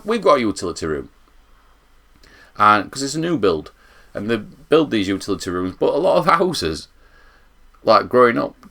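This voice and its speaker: A man with a South Yorkshire accent, chatting casually to camera in a rambling, animated vlog. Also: medium pitch, creaky. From England. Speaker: vlogger.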